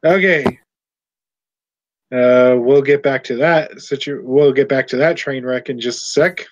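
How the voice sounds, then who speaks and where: Halting game master on a muffled mic. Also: male voice, medium pitch. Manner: halting, searching for words mid-sentence. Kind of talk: narrating a tabletop game.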